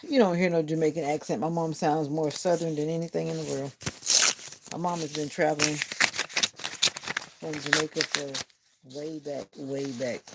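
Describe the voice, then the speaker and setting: A middle-aged woman with a low, gravelly voice rambles to her livestream viewers from her bedroom. She is laid-back and joking. The phone recording carries a steady hiss of home noise. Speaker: livestream host. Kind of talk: casual chat to viewers.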